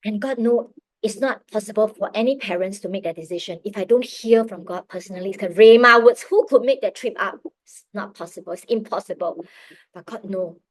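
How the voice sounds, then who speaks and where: A woman's voice: mid-range voice, fairly quick, no room sound. Earnest middle-aged woman sharing testimony. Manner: earnest, emotional storytelling, drops to near whispers. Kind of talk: personal faith testimony.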